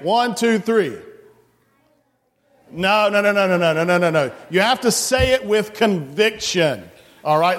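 A man's voice: high-pitched, fairly bright tone. A man leading a children's sermon in a church, coaxing and playful as he talks to the kids. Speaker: children's message leader. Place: church sanctuary. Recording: long church reverb.

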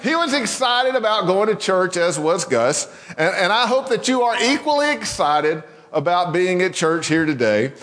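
A man's voice: high-pitched, very animated, unhurried, fairly bright tone, big-room sound. A man preaching a sermon in a church, talking in a conversational, folksy way and often restarting his words. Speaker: pastor. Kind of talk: sermon with a told joke. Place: church sanctuary.

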